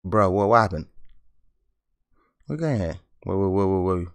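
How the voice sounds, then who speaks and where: Low-voiced slangy young man chatting. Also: expressive, normal speed. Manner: slangy, chatty, laughs often, talks to viewers. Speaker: art channel host. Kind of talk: casual live-stream chat while drawing.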